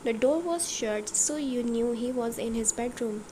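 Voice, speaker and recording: Casual: lady reading fanfic aloud, kinda high voice, steady, hissy noise behind. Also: a little slow. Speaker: fan fiction narrator. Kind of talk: storybook narration. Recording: noisy background.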